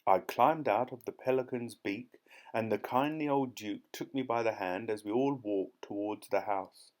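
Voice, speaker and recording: A man narrating a children's audiobook in a clear, steady storytelling manner. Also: lowish voice, normal speed. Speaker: audiobook reader.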